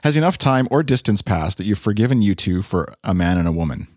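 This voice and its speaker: A podcast host with a fairly low voice reads out listener questions. He is easygoing and laughs off his own stumbles, and the sound is dry and close. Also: expressive, fast, darkish tone, no echo. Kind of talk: casual podcast hosting.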